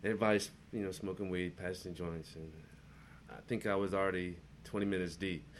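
A man's voice: a little fast, slight background noise. A young man on a podcast telling rowdy stories in a casual chat, acting out the people in them. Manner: animated storyteller, jumps into high voices when quoting people. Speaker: podcast host.

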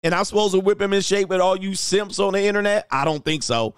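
A man's voice: high voice, fast, smooth, dry recording, clean studio sound. A man hosting a casual livestream, reading out chat comments and joking in a loose, slangy way. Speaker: dating coach and channel host.

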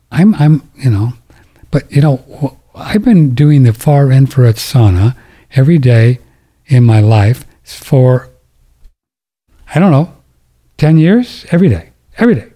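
Older male talk radio host, very dark tone, loose and jokey, self-interrupting. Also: medium pitch, sing-song, a little slow, pauses often. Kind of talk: casual talk radio with ad reads.

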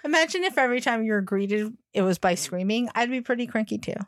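A woman's voice: on the high side, expressive. A woman co-hosting a podcast in casual chat, joking and chiming in playfully. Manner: playful, jokey interjections, quick to tease and laugh. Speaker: podcast co-host.

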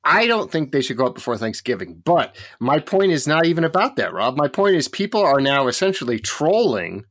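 A man co-hosting a podcast in casual chat, opinionated and ranting with quick jokes. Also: a little high, sing-song, a bit bright, no room sound, clean studio sound. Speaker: podcast co-host.

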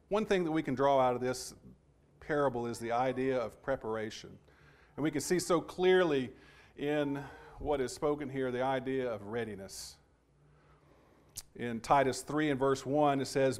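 A man delivers a Sunday sermon at a mid-range pitch. He talks in a measured, halting way, often restarting phrases, and reads scripture passages aloud. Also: darkish tone. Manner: measured, with frequent restarts and pauses. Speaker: preacher.

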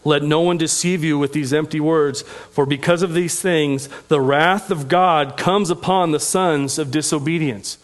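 A middle-aged pastor preaching a sermon in an earnest, conversational way, with folksy asides and humor. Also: male voice, on the high side, fairly even intonation, moderate pace, few pauses.

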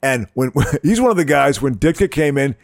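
A man's voice: mid-range voice, animated, normal speed, vocal fry, no echo, clean studio sound. A man co-hosting a casual comedic podcast, rambling with lots of fillers and restarts. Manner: rambling, many fillers, laughs easily. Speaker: podcast co-host.

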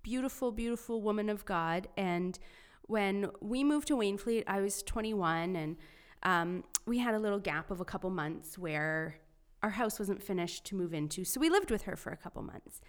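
A woman's voice: medium pitch, moderate pace, few pauses, clear, resonant tone. A woman co-hosting a youth faith podcast. She chats casually and tells personal stories, dropping "like" and "you know" all through. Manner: chatty, fills speech with "like" and "you know".

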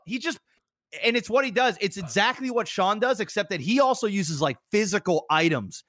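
A man co-hosting a casual podcast, telling stories excitedly and swearing often, calling his friend "bro" and "dude". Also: high-pitched, normal speed, no room sound, clean studio sound. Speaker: podcast co-host. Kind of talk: casual chat.

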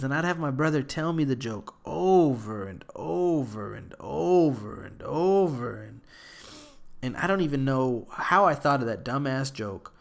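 Slow, profane podcast host. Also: male voice, medium pitch, creaky. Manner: profane, rambling, drops to a hush. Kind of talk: casual joke telling.

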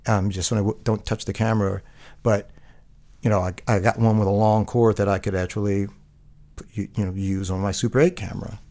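A middle-aged man talks in a low register with a rough, gravelly edge. He rambles through his stories with restarts and constant fillers, in a relaxed interview chat. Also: fairly quick. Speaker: guest. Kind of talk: casual interview conversation.

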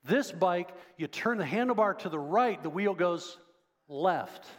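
A man's voice: sits high, animated, measured pace. A man preaching a sermon in a conversational way, often asking the congregation questions. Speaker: pastor. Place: church sanctuary. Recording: long hall reverb.

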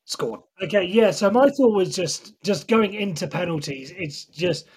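A man's voice: high voice, expressive, a little slow, darkish tone, slight background noise. A young man co-hosting a football podcast, anxious and rambling, repeating himself. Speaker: podcast co-host. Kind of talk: casual match chat.

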